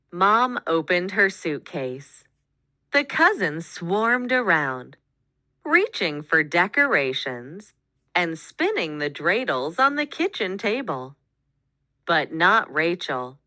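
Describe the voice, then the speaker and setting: Woman reading a kids storybook, lowish voice, super expressive, dry close sound. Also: slow pace, dry recording. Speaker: storybook reader. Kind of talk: children's book read-aloud.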